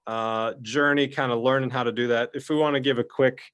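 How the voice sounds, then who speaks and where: A man's voice: mid-range voice, fairly even intonation, fairly quick, fairly bright tone, smooth. Man, talkative co-host, rambling casual chat, mid-range voice. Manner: rambling, talkative, self-described blabbermouth. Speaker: podcast co-host.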